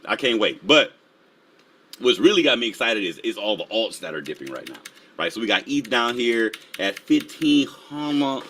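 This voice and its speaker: A man's voice: medium pitch, sing-song, moderate pace, fairly bright tone, slight background noise. A man hosting a casual live stream, full of energy, laughing often and reading the chat aloud. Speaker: livestream host.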